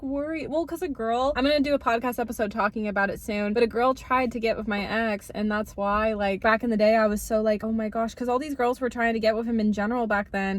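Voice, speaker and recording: A young woman vlogger chatting casually through a mukbang story time in a parked car, giggly and full of filler words. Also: medium pitch.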